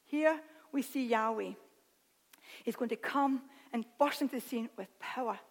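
A woman preaching a sermon, reading scripture aloud with animated, self-deprecating asides. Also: on the high side, moderate pace. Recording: long hall reverb.

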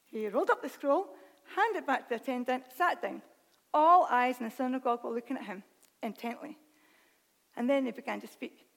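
A woman preacher with a high voice delivers a lively sermon, moving between scripture reading and chatty asides where she laughs at herself. Her voice rings out with a long reverberant tail from the hall. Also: fairly quick, creaky.

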